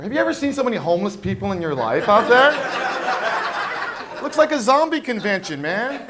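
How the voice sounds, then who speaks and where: A man doing a stand-up comedy set on a club stage, talking animatedly and jumping into loud character voices. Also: sits high, lively intonation, quick pace, noisy background. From Washington State, US. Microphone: handheld stage mic.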